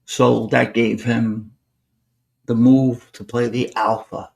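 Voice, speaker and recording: Brief: gravelly New man, podcast host, spins a story and acts out every line of talk. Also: medium pitch, takes it slowly. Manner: animated storyteller acting out quoted dialogue. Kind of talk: casual storytelling.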